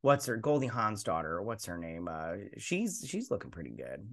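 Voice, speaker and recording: A man's voice: lowish voice, wildly swooping pitch, normal speed, a bit bright. A man hosting a casual movie review, blunt and exasperated, rambling with fillers and restarts. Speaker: host.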